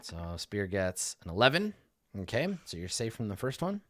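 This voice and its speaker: A man narrating as game master in a tabletop game, animated and laughing, with frequent fillers. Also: fairly low pitch, normal speed, no room sound.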